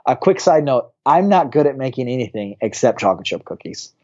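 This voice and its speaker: A man, a pastor, telling a personal story as a guest on a podcast, animated and acting out the voices of people in it. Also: mid-range voice, a little fast, lo-fi sound. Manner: animated storyteller who acts out quoted voices.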